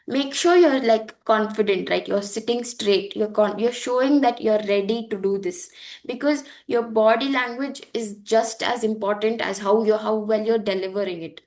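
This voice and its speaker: A woman's voice: a little high, moderate pace, a little mellow. A young woman teaching an online poetry workshop in a conversational way, with frequent fillers and restarts. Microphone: online call microphone.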